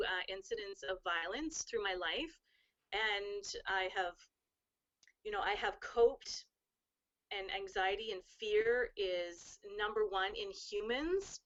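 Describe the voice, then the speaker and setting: A woman talks through wellbeing advice in a relaxed, earnest way, her sentences running on in long flowing chains. Her voice sits at a middle pitch. The audio is a bit dull, like a lo-fi live stream. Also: measured pace. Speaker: guest speaker on wellbeing. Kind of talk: casual advice chat.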